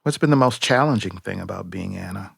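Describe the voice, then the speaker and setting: A man with a gravelly, husky voice co-hosting a podcast interview. He fires off short questions in casual chat, and the sound is dry and close. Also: sits low, animated, brisk, a bit bright, no echo. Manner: brief questions, lots of agreeing murmurs. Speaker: podcast co-host.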